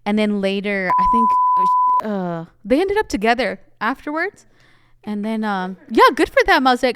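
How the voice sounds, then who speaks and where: A young Mexican-American woman trading stories on a casual podcast, chatty and quick to act out what people said. Her voice is smooth and crisp, slightly high. The sound is dry and close. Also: no echo. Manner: chatty storyteller, animated quoting. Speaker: podcast co-host. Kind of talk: casual chat.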